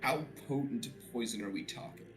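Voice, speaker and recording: A man's voice: mid-range voice, a little fast, rough recording. A man playing a sci-fi tabletop game, asking careful questions and speaking in character with hesitant ums and uhs. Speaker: player.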